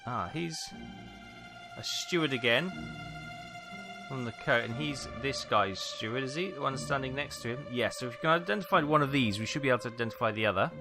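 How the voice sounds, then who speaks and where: Let's-player, chatty, thinks aloud, lively pitch, game music under him. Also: male voice, a little fast. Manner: chatty, muttering to himself as he thinks. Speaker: gaming video host. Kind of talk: casual let's-play commentary.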